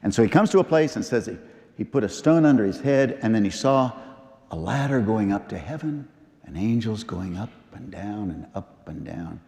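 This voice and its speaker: Man preaching a slow memorial sermon. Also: on the low side, expressive, creaky, a little mellow. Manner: storytelling, repeats phrases, slow emphatic pauses. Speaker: pastor. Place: large church. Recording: long church reverb.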